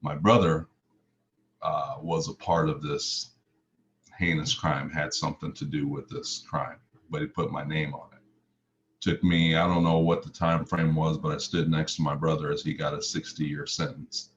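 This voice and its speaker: Middle-aged man from Chicago, very low voice, emotional storyteller, slightly muffled recording. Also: flat delivery, moderate pace, slight background noise. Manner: vivid present-tense storytelling, emotional. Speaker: motivational speaker. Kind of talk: personal storytelling talk.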